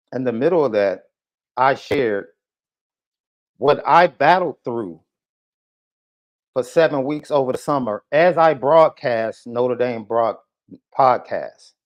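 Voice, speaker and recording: Combative male podcast host, lo-fi. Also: mid-range voice. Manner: combative, taunting, repetitive. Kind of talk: heated live podcast rant. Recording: muffled lo-fi stream audio.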